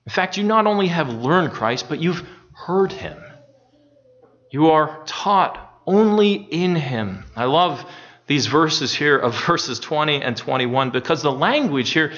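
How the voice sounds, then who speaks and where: A man delivers a sermon slowly and deliberately, his voice sitting a little high for a man. He repeats key phrases and climbs into earnest emphasis as he drives a point home. The recording sounds slightly muffled. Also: expressive, a bit bright. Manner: slow, deliberate delivery with repetition. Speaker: preacher.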